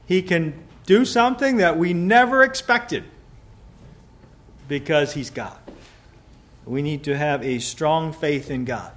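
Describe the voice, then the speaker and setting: A man preaching a sermon, rising to loud emphatic peaks and dropping to quiet, soft passages. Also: on the high side, expressive, measured pace.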